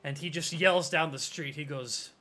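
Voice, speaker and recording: A man's voice: on the high side, normal speed, pushed and bright. A man narrating as game master for a tabletop game, rambling loosely with hedges.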